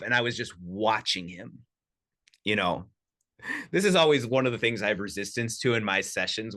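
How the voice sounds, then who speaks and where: A man telling lively personal anecdotes as a podcast guest, talking casually with lots of "you know" and "like". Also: medium pitch. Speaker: podcast guest, sound healer. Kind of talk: casual storytelling. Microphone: studio podcast mic.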